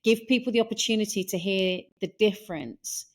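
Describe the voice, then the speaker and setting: A woman hosting a casual conversation, animated and playful with her analogies. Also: mid-range voice, fairly quick. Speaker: podcast host.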